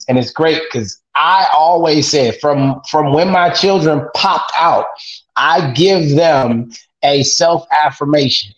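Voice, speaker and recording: A man with a somewhat high voice speaks as a podcast guest, energetic and repetitive like a motivational speaker. His audio sounds roomy and echoey. It also has a dull, lo-fi tone. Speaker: podcast guest, father of two daughters. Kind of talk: casual podcast interview.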